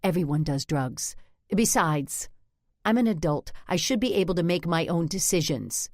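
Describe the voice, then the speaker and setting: A woman's voice: fairly low pitch, lively intonation, moderate pace, darkish tone, no echo, studio quality. A woman narrator voicing a defiant teenage daughter who whines and protests, in a storybook reading. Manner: indignant, whiny.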